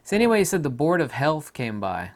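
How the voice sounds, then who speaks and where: Ranting middle-aged man, loud outbursts. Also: fairly high pitch, sing-song, quick pace. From United States. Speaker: video commentator. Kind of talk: casual monologue.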